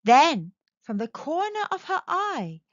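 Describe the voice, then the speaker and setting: Storyteller: woman reading aloud to kids, high and very animated, unhurried, dull dry sound. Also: no room sound. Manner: expressive, sing-song, speaking to kids. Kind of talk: children's read-aloud narration.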